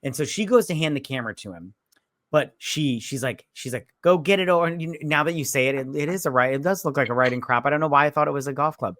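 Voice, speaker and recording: A woman co-hosting a laid-back movie review chat has a rumbling low, somewhat bright voice and talks fast on a dry recording. She goes on tangents, swears, and recounts scenes with quoted lines.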